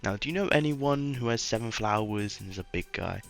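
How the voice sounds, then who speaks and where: A man's voice: lowish voice, animated, brisk, vocal fry, few pauses, fairly bright tone, soft background music. A man doing a casual, rambling voice-over commentary on a video game, sarcastic and trailing off into mumbles at times.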